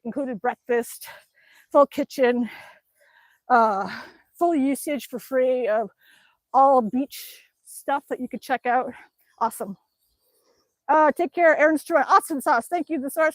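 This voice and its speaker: An older woman with a high, chirpy voice chats on a live stream from home, reading comments and laughing between sentences. She pedals an exercise bike as she talks and coos at her dog in baby talk. The sound is close and dry, with almost no room echo. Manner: working out on an exercise bike while talking. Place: at home, indoors.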